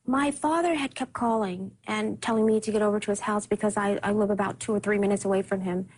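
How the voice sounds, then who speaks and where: A woman giving an emotional personal account in an interview, soft-spoken and halting, often repeating herself. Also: medium pitch, fairly even intonation, a little hiss or hum.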